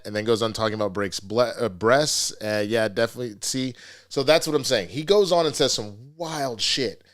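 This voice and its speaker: A man's voice: medium pitch, moderate pace. A man hosting a casual commentary vlog, ranting in a profane, rambling, slangy way. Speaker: host.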